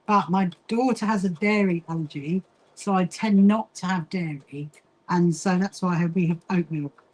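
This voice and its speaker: A woman's voice: lowish voice, normal speed. Chatty British woman hosting a sewing stream. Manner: chatty, reads viewer comments aloud, frequent "hang on" asides. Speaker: livestream host. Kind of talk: casual chat while sewing.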